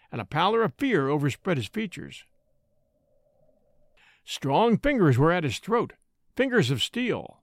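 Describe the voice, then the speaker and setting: A man narrating an adventure novel as an expressive audiobook reader. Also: sits high, no echo, studio quality.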